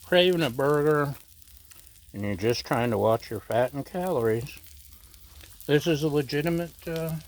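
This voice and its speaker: A man hosting a casual cooking vlog, talking in a slow, rambling, folksy way with many fillers. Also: on the high side. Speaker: cooking channel host. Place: outdoor griddle cook station. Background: food sizzling on a griddle.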